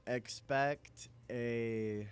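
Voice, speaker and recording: Chill soft-spoken guy, takes his time talking, slangy and easy in the studio. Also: mid-range voice, steady tone, extremely slow, clean tone. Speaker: musician guest. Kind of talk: casual interview chat. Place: recording studio.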